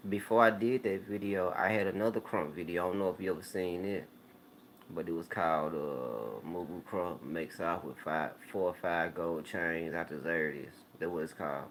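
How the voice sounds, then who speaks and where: A man with a very low voice hosts his own video channel and chats straight to his viewers. He rambles loosely through stories, full of slang and restarts. A faint hiss of noise sits under the recording. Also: moderate pace, a bit bright. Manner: laid-back, rambling storytelling with slang. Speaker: YouTube channel host. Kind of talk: casual talk to viewers.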